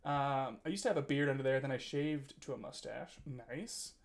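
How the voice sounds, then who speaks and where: A man's voice: mid-range voice, normal speed, vocal fry. Guy in his 20s streaming, rambly and teasey, laughs a lot, says like constantly. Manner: rambling and teasing, giggly, lots of filler words. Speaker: streamer reading chat. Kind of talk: casual live-stream chat.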